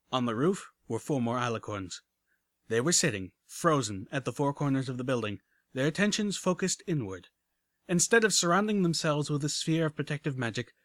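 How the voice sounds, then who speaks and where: A man's voice: mid-range voice, no echo. Man narrating an action story dryly. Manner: dramatic first-person narration, voices the heroine's lines. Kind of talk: audiobook reading of fan fiction.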